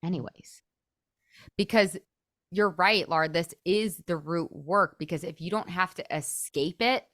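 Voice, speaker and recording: A woman's voice: fairly low pitch, normal speed, a bit bright, dry recording, clean studio sound. A woman in her thirties, a podcast host, coaching in a chatty, casual way, full of "like" and acted-out inner thoughts.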